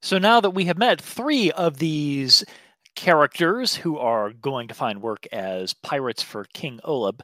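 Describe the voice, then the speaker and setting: A man's voice: fairly high pitch, measured pace, no room sound. A man hosting a tabletop role-playing show, introducing the players and narrating the scene with upbeat energy and frequent "uh"s. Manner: upbeat, animated, with filler "uh"s. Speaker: show host.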